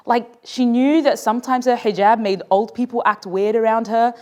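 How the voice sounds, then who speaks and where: A woman author reading her own children's story aloud in a playful, expressive way. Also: fairly high pitch, normal speed.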